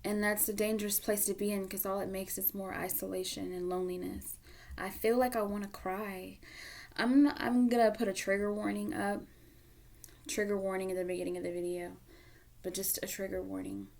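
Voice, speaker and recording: Woman tarot reader, casual and emotional, gravelly mid-pitched voice that sinks to a whisper. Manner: emotional, candid, swings from loud to whispery. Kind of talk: casual tarot reading to camera.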